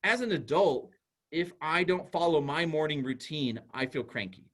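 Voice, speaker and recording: A man's voice: on the high side, moderate pace, fairly bright tone. A man, a school psychologist, giving an informal, conversational talk to parents and acting out little dialogues as he goes.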